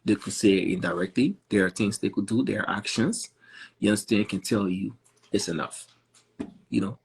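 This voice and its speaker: A man's voice: fairly low pitch, normal speed, creaky, slightly rough, low-quality recording. A Liberian man in casual live chat, insistent and repetitive, often checking that the listener understands. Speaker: livestream caller addressing critics.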